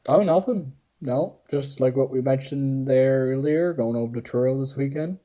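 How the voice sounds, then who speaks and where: An easygoing young man co-hosts a podcast, mostly answering with short agreeing replies and laughing easily. His pitch sits in the middle range. The recording sounds dull and lo-fi. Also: normal speed. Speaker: podcast co-host. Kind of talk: casual chat.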